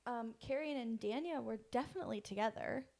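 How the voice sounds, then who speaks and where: A woman's voice: fairly high pitch, a little fast, vocal fry, a little mellow. A woman co-hosting a podcast in an easygoing book chat. She moves the conversation from point to point and laughs lightly along the way. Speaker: podcast co-host. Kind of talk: casual book discussion.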